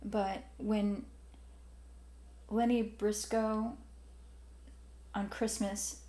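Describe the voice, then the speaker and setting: A woman's voice: mid-range voice, level tone, very slow, mellow, echoey room. A woman from Alabama with a Southern American accent, hosting a casual podcast and gossiping in a wry, joking way. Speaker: podcast host.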